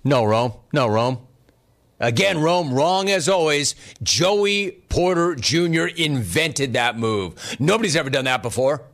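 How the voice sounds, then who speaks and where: Sarcastic, high-voiced sports talk host. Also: male voice, unhurried, few pauses. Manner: sarcastic, animated, laughing often. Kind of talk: casual sports talk, reading chat.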